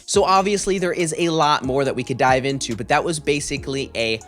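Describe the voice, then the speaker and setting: A man's voice: a little high, fairly quick. A man teaching a music production tutorial, explaining his settings step by step in an upbeat, explanatory way on a close studio mic. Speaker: mixing engineer teaching a tutorial.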